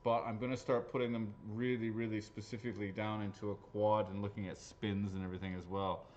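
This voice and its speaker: A man's voice: on the low side, flat delivery, fairly quick, darkish tone, highs cut off, a little hiss or hum. A man hosting live raffle draws, chatting casually and joking, swearing freely as he goes. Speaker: raffle host. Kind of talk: live-stream raffle draw chat.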